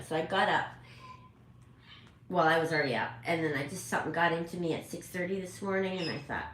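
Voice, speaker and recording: A woman's voice: lowish voice, expressive, normal speed, pauses often, echoey room, a little hiss or hum, poor audio. A woman hosting a casual livestream from home, rambling and correcting herself as she chats with viewers. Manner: rambling, self-correcting, chatty. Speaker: parrot channel host.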